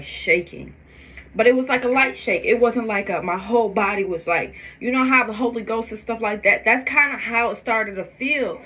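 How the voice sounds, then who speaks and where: Forceful, bright-voiced woman vlogger. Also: a little high. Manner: forceful, preachy, emphatic. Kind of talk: faith-filled get-ready-with-me vlog.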